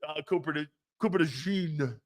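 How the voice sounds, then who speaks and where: A man's voice: a little high, moderate pace, a little mellow. A man hosting a sports talk show, ranting in a blunt, profane, mocking way and laughing often. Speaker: host.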